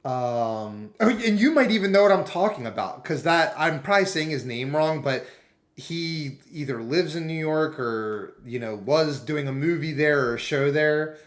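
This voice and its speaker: Man rambling through funny anecdotes, slightly high voice. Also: animated, moderate pace. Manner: rambling storytelling, voices other people in anecdotes. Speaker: streamer. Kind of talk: rambling casual chat.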